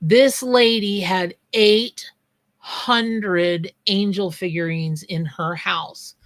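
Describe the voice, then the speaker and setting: Slow, blunt woman reading tarot. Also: medium pitch, steady tone. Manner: blunt, straight-talking, greets viewers by name. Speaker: tarot reader and psychic. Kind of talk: live-stream tarot reading, casual chat.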